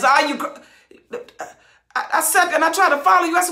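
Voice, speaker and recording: A woman preaching on a Bible passage with a high, bright voice that rings in a roomy, echoey space. She hollers and drives her points home by repeating phrases. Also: fast. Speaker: Bible teacher. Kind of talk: impassioned verse-by-verse preaching. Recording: roomy echo.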